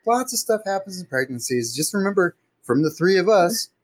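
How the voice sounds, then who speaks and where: A man chatting as a guest on a podcast, wry and a little halting. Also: high voice, sing-song. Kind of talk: casual chat.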